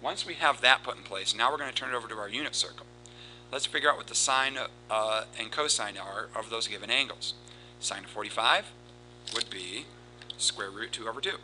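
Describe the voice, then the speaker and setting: A man teaching a recorded math lesson, explaining steps in a steady, explanatory way and reciting formulas in a rhythmic cadence. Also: mid-range voice, brisk, background noise. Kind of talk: recorded lesson with board work.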